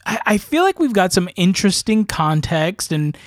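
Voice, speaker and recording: A man hosting a podcast in casual chat, animated and quick to laugh. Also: high-pitched, no echo, studio quality. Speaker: podcast host.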